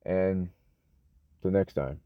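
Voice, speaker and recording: A man's voice: deep voice, slow, no echo. An American man giving an unscripted casual English lesson, rambling with lots of fillers, restarts and self-corrections. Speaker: English teacher. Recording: dull, lo-fi dry sound.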